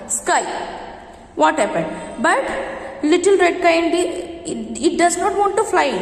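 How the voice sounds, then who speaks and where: A woman teacher reading a story to young children, often asking them questions. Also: high voice. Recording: echoey room with long reverb.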